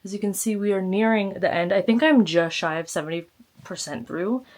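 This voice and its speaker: A woman's voice: medium pitch, a little fast, darkish tone. Chatty woman giving a reading update. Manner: chatty, reflective. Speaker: book vlogger. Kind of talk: casual reading check-in.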